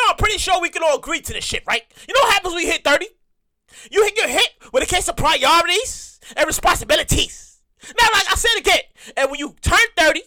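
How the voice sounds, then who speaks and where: A woman in her thirties doing a profane comedy rant, repeating herself and slipping into mock voices. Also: very high voice. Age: 30s. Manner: profane, repetitive, animated ranting with mock voices. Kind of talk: stand-up style comic rant.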